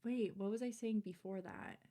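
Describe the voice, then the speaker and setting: Twenties woman on a podcast, spilling her story, lots of "like", swears, middle pitch. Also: moderate pace, dark tone. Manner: chatty, candid storytelling full of "like" and swearing. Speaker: podcast guest. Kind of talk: casual chat.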